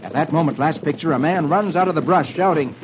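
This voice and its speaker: A man's voice: fairly high pitch, fast, very noisy. A jolly man hosting a 1940s radio show, reading the comics aloud in a sing-song storyteller manner. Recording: muffled old radio broadcast with music.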